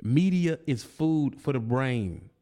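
A man's voice: mid-range voice, animated, slow, dark tone. A man, delivering a confrontational, preachy monologue aimed at a rival, taunting and repeating his points. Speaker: online commentator.

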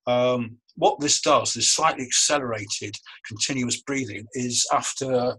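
A man with a husky, breathy edge to his voice talks through breathwork and ritual methods as an interview guest. He speaks over a remote call, pausing and restarting his sentences as he thinks. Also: medium pitch, bright, forceful tone, poor audio. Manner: thoughtful, restarts phrases, many ums. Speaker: guest, magician and breathwork coach. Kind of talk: relaxed explanatory interview talk. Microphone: video call.

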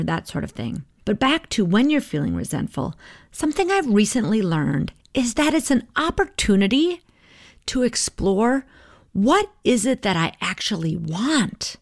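A middle-aged woman talks through her coaching ideas in a relaxed podcast monologue. Her manner is conversational and reflective, and she checks in with listeners as she goes. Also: medium pitch, moderate pace, gravelly, no room sound, studio quality. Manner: conversational, reflective, tags with "right?".

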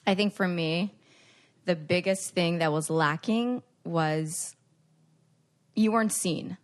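A woman's voice: lowish voice, takes it slowly. A woman guest in a casual chat, talking as a supportive and teasing best friend.

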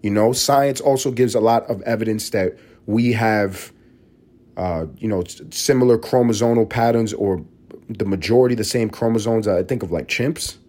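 A man's voice: fairly low pitch, moderate pace, warm tone. A man hosting a solo podcast, rambling and swearing freely as he riffs in a casual monologue. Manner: rambling, profane, riffing with restarts. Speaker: podcast host.

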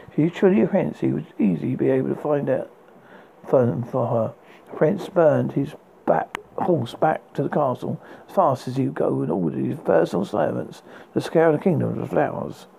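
A man's voice: mid-range voice, gravelly, mellow, a little hiss or hum, low-quality recording. A man reading a fairy tale aloud, unpolished, often stumbling and restarting words. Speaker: narrator. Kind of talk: storybook reading.

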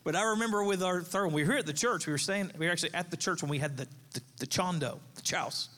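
A man's voice: high-pitched, fast, bright, forceful tone. Man preaching in a reverberant church. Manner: storytelling, conversational preaching with asides to the congregation. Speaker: pastor. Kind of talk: sermon. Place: church sanctuary.

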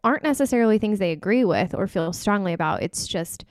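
Clear-voiced woman hosting a chat podcast. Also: medium pitch, animated, fast. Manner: candid, storytelling. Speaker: podcast host. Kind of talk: casual podcast conversation.

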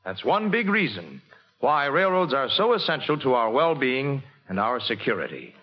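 A man hosting a vintage radio show with brisk, genial announcer delivery. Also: medium pitch, very animated, slightly rough, faint music behind. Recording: lo-fi old radio broadcast.

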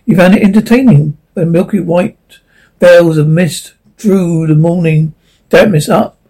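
A narrator reading a classic animal novel aloud in a gentle, lilting way. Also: medium pitch, unhurried, slightly rough, poor audio. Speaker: audiobook narrator. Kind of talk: storybook narration.

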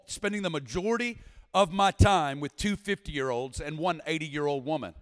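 A man in his forties from Arkansas, a guest preacher telling his testimony in a lively, storytelling way, breaking into shouts now and then, with long reverb from a big church hall. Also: on the high side, moderate pace. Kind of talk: sermon testimony. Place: large church sanctuary.

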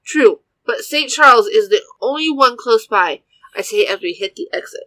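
A woman reading a first-person story aloud in a plain, even delivery. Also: fairly high pitch, moderate pace, slight background noise, low-quality recording.

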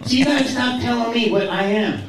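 A man doing stand-up, shouting and swearing back at a heckler from the stage. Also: extremely high pitch, a little fast. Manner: shouting, profane, confrontational. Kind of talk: live stand-up confrontation with a heckler. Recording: echoey live club tape from far off. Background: loud crowd noise.

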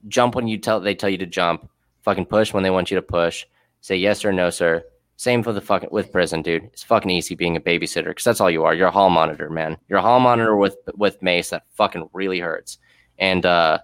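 A man's voice: low voice, a bit bright, no echo. A man who worked as a prison guard, telling blunt, profane stories in a casual podcast chat that turn heated.

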